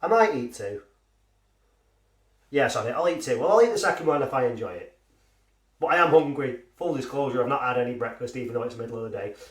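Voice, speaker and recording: A man's voice: mid-range voice, expressive, quick pace, pauses often, recorded from a distance. A man casually reviewing a frozen pie, rambling and swearing with self-mocking humour. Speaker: food reviewer. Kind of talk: casual food review vlog. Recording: echoey room, voice off mic.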